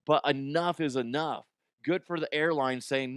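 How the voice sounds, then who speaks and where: Brief: foul-mouthed comedy news host, somewhat high voice, dry close sound. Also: male voice, unhurried, smooth, no room sound. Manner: crude, ranting, mocking, breaks into silly voices. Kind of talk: profane comedic news commentary.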